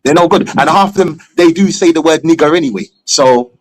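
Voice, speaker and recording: A man's voice: fairly high pitch, brisk. A man from England, a stream guest talking bluntly and opinionatedly, swearing freely. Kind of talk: casual chat on a live stream.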